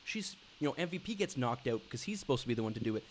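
A man co-hosting a wrestling podcast in casual chat, excitable and swearing casually. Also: medium pitch, racing, slight background noise, rough recording. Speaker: podcast co-host.

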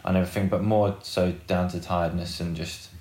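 A man with a lowish voice chats casually as an interview guest. He rambles with many fillers and blunt swearing. The room around him is roomy and echoey. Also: little pitch movement, fairly quick, a little mellow. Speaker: guest, rock band guitarist.

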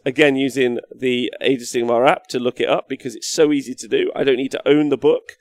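A young man chats on a casual live stream as he paints, reading chat messages aloud and getting loudly excited. His voice has a gravelly edge. The sound is close and dry, with no room around it. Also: medium pitch, fast, no room sound. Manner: excitable, swears, reads out chat comments. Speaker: livestream host.

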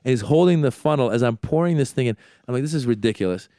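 A man hosting a podcast, telling a story in an animated, self-deprecating way. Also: medium pitch, fast talker, no room sound, studio quality. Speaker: podcast host. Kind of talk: casual chat.

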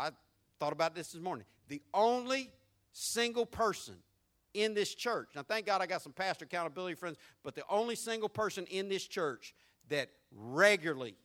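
A man preaching a sermon as pastor, swinging between loud, raised lines and hushed, low ones, folksy and conversational with the congregation. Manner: preaching with sweeping shifts between shouted and hushed delivery.

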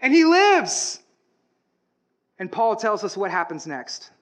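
A man preaching a sermon, swinging between hushed, slow passages and loud, rising declarations. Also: high-pitched, very animated. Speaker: pastor.

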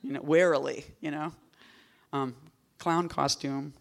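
A woman poet giving a casual talk at a reading series. She wanders off on tangents, fills gaps with "like" and "you know", and drops wry, deadpan asides. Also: low voice, a little slow, creaky. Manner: rambling and digressive, full of "like" and "you know".

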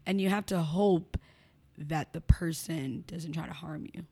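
A young woman with a fairly low voice talks to an interviewer in a blunt, candid way. She is frank and laughs often as she speaks. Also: unhurried, mellow, slightly rough. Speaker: podcast guest, entrepreneur.

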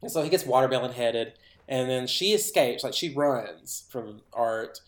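A man co-hosting a podcast, giving an animated, rambling retelling full of filler words in casual chat. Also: mid-range voice, moderate pace. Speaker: podcast co-host. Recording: roomy echo.

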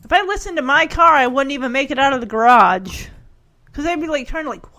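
A chatty woman recapping an episode in a casual, rambling way. Her voice sits high and swings a lot as she slips into the characters' lines. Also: fairly quick. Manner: chatty, animated, acts out quotes. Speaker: show recapper. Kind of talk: casual chat.

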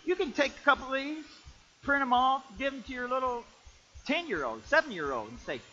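Male pastor, emphatic sermon, lively swooping voice, bright tone, dull lo-fi recording. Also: very high voice, fairly quick. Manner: emphatic preacher, rising to shouts, asks the audience for amens. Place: church.

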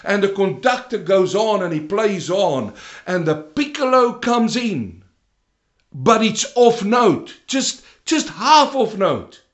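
A man preaching a sermon, swinging between loud rising emphasis and low, quiet passages. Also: big pitch swings, slow, roomy sound, lo-fi sound.

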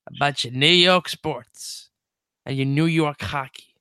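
A young man hosting a casual sports podcast, energetic and jokey, with quick stumbling restarts. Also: medium pitch, clean tone, no room sound, studio quality. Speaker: podcast host.

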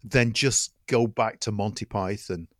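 A man's voice: on the low side, fairly even intonation, measured pace, dry recording, studio quality. A man co-hosting a film podcast, chatting with enthusiasm and often restarting and repeating words as he builds a point. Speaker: podcast co-host. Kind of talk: casual film chat.

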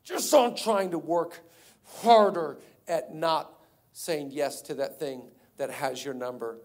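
A man preaching a sermon as pastor, moving from loud, drawn-out declarations to quiet, hushed passages. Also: a little high. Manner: acts out quoted people in a raised voice.

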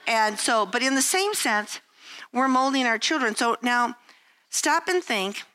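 A woman's voice: a little high, animated, measured pace, sharp tone. An older woman giving a candid devotional talk, telling self-deprecating family stories and acting out what people say. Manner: candid, self-deprecating storytelling with acted-out quotes. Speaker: Christian speaker.

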